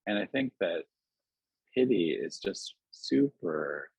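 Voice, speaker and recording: A man talking gently and reflectively as a guest author on a video call, musing aloud with many "like"s and "you know"s. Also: low-pitched, big pitch swings, slow, gravelly, breathy edge, dry recording. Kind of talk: reflective conversation. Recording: dull lo-fi webinar audio.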